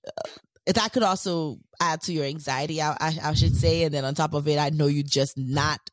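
A woman's voice: low voice, fairly quick, no echo. A woman in casual chat, reassuring and giving advice.

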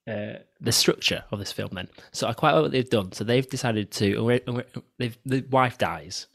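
Dry, sarcastic host. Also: male voice, medium pitch, fairly quick, gravelly. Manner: steers the talk, dry sarcastic asides. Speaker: film podcast host. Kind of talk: casual film review chat.

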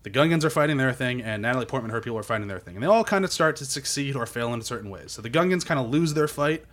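Fast-talking man in casual chat. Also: medium pitch. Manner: animated retelling, acts out quotes in goofy voices, swears.

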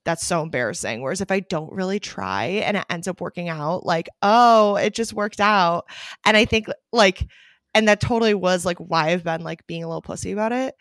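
A woman co-hosting a casual podcast, talking candidly and swearing freely, leaning on "like" and jumping up high when she quotes herself. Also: brisk, dry recording, studio quality. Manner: animated, jumps high when quoting herself. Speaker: podcast co-host. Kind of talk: casual chat.

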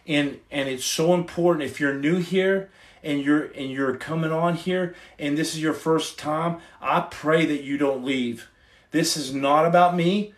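A middle-aged man hosting a livestream, giving his testimony in an earnest, preachy, casual way into his phone. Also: a little high. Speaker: livestream host.

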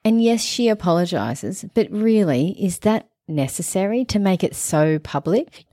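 A woman co-hosting a casual recap podcast, animated and acting out quotes in a put-on voice. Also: medium pitch, a little slow, dry recording, clean studio sound. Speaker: podcast co-host.

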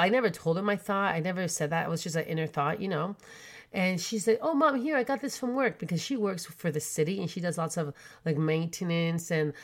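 Chatty storytelling woman, lowish voice. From Canada. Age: 40s. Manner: animated, chatty, many fillers. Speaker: podcast host. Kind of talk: storytelling chat.

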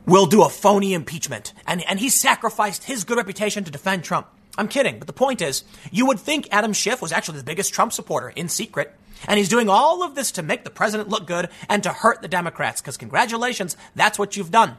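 A man's voice: high voice, very animated, quick pace, pushed and bright, slightly rough. A man giving solo political commentary as host, ranting in a frustrated, emphatic way with many restarts.

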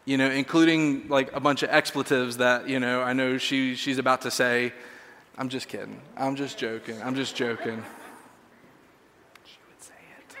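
A man's voice: medium pitch, pushed and bright. A man telling a casual, self-deprecating personal story in a sermon, with lots of fillers. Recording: long hall reverb.

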